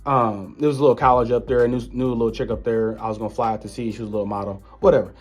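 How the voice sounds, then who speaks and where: A man casually telling a story from his own life in an animated, disbelieving way. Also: medium pitch, very fast, lo-fi sound, soft background music. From United States. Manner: animated, incredulous retelling of an encounter. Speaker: vlogger.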